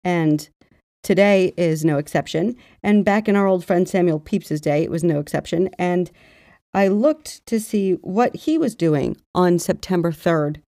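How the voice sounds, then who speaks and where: A woman co-hosts a casual podcast, chatting and reading old diary passages aloud in an even tone. Her voice is low and mellow. The recording is dry and close. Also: a little slow, no echo. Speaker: podcast co-host.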